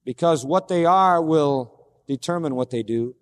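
Guy preaching, pretty high voice, hammers his points and keeps asking the crowd stuff, long reverb like a big hall. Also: a little slow. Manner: emphatic, repeats key words, asks the audience questions. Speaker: pastor. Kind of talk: sermon.

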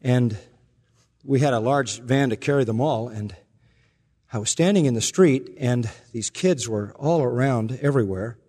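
A man preaching a sermon, telling stories earnestly and slowing down for the emotional parts. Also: mid-range voice, breathy edge. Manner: earnest storytelling, slows and softens for emotional quotes. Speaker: pastor. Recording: long reverb from a large hall.

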